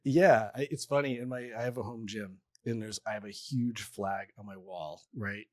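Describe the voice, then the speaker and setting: A man hosting an interview podcast, chatting casually while fighting a cold, relaxed and quick to joke. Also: on the low side, no echo. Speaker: podcast host.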